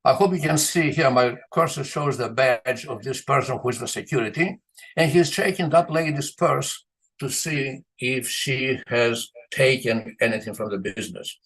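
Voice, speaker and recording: A man's voice: mid-range voice, moderate pace, fairly bright tone, rough recording. A man giving a recorded lecture as a university lecturer, talking through his slides in a conversational way and often checking in with his listeners.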